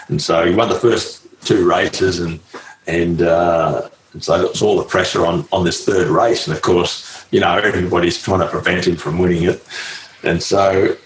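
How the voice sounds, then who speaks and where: A man, a retired cyclist, telling a story in a halting way with lots of fillers and salty slang. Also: low-pitched, a little hiss or hum. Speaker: retired pro cyclist, guest. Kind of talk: casual storytelling interview. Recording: roomy echo, faint ambience.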